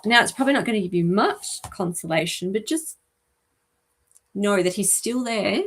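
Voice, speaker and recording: A woman hosting a live stream as an animal communicator, talking gently and chattily with many ums and asides. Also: medium pitch. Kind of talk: live-stream reading for viewers.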